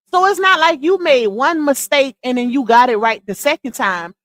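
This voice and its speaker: A woman's voice: sits high, normal speed, hardly any pauses, a bit bright, no echo. A woman hosting a livestream, giving blunt, scolding gossip commentary straight to her viewers.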